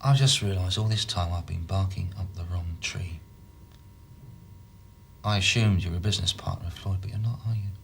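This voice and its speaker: A sardonic, probing detective. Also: male voice, low voice, moderate pace, gravelly, pauses often, fairly bright tone, a little hiss or hum. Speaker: police detective.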